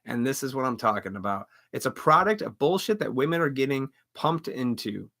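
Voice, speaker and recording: A man's voice: medium pitch, expressive, brisk, fairly bright tone. A man hosting a live stream, delivering an angry, profane rant full of mocking asides. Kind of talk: angry ranting monologue.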